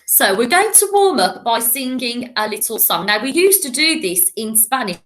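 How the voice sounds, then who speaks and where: A primary school teacher, giving a recorded lesson to young children in a clear, patient and encouraging voice. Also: female voice, on the high side, sing-song, normal speed, a bit bright.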